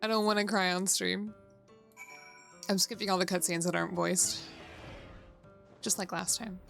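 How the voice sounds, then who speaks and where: A woman's voice: mid-range voice, vocal fry, fairly bright tone. A woman streaming a game, chatting casually with her viewers and laughing often. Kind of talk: casual gameplay chat.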